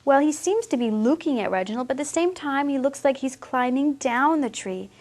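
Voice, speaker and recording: A woman teaching English who talks young learners through a picture book, asking them gentle questions. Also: sits high, animated. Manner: slow, warm, questioning teacher talk.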